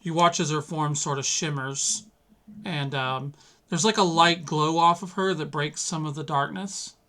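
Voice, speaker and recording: Running a tabletop role-playing session as game master, a man narrates haltingly and loosely, filling gaps with lots of fillers. His voice is fairly high, pushed and bright.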